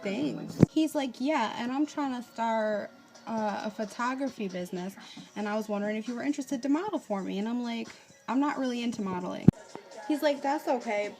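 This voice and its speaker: A woman's voice: fairly high pitch, fairly quick, over loud music. A young woman telling a story in a casual vlog, swearing freely and acting out both sides of a chat with exasperation. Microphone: phone or webcam.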